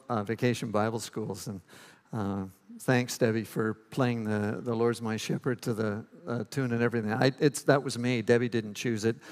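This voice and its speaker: A man at the front of a congregation, speaking in a smooth, resonant voice at an ordinary pitch. He prays in measured phrases, then shifts into loose, friendly remarks with frequent pauses and fillers. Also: big-room sound. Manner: chatty, halting with fillers, briefly sings hymn lines. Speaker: pastor. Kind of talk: prayer and informal church talk.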